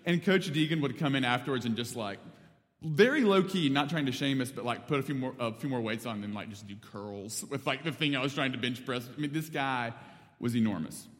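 A man from North Alabama tells a story in the middle of a sermon, chatty and animated. His voice sits at a middle pitch. Long reverb from a large hall trails after every phrase. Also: a little fast. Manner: casual, animated storyteller with many fillers. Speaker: preacher.

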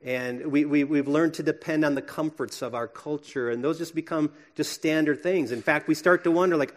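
Pastor preaching a sermon, male, slightly high voice, earnest, alternating hushed and emphatic. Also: moderate pace, few pauses.

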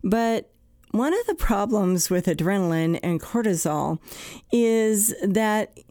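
Woman host, mellow low voice, plain conversational explainer, dry booth sound. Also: expressive, slow, dry recording. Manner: explains plainly with everyday examples, acting out anxious self-talk. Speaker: podcast host and psychologist. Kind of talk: conversational talk.

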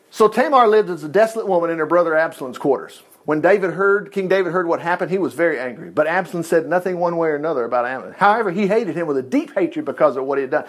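High-voiced man teaching a Bible story. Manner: reads scripture aloud with folksy asides and jokes; swings between loud emphatic bursts and low mutters. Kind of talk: casual Bible study reading and commentary.

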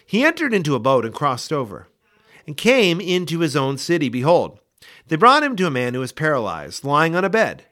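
A man reading Bible passages aloud for a daily scripture podcast, in a measured, expressive way. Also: on the high side. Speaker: scripture reader.

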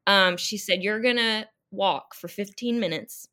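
Bright-voiced woman telling a story. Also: medium pitch, measured pace. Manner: emotional, animated retelling. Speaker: guest runner. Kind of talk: casual storytelling.

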